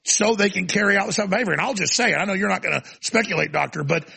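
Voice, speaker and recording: A male talk show host ranting forcefully through a heated interview. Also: high voice, very fast, vocal fry, slightly rough.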